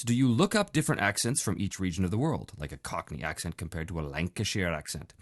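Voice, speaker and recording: Man, podcast host, animated delivery, joking manner, dry close sound. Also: sits low, fast talker, hardly any pauses, no echo. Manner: joking, playful, breaks into laughter. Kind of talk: casual chat, reading listener emails.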